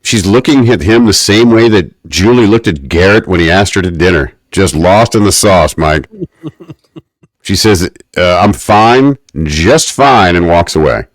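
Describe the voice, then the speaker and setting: In a casual recap chat, a podcast co-host goes over an episode with wry, mock-scholarly humor. He speaks at normal speed in a low-pitched voice, with no room sound.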